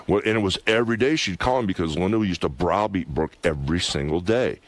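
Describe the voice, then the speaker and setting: A man's voice: low voice, fast talker, hardly any pauses, no room sound. A middle-aged man, a former wrestler, telling a long personal story as a radio guest, emphatic and rambling with lots of "you know" and "anyway". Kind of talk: candid radio interview storytelling.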